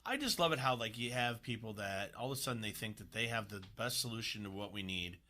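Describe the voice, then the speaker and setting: A man with a bright, forceful voice hosts a sports radio talk show. He rants bluntly and leans into sarcasm. He talks from a radio studio. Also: fairly low pitch, lively intonation, fast, slight background noise. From United States.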